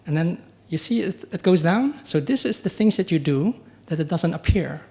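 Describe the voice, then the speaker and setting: A middle-aged man, a monk giving a conversational dharma talk, often asking the audience questions and acting out quoted exchanges. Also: moderate pace. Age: middle-aged or older. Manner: acts out quoted exchanges with lively pitch jumps. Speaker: Buddhist monk teacher.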